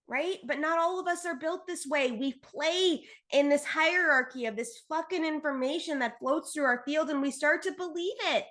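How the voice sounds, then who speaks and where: A woman hosting a solo spiritual podcast, talking bluntly and passionately, swearing freely and slowing down to stress her points. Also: high voice, animated, fairly bright tone. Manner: intense, emphatic, slows to stress points. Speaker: podcast host.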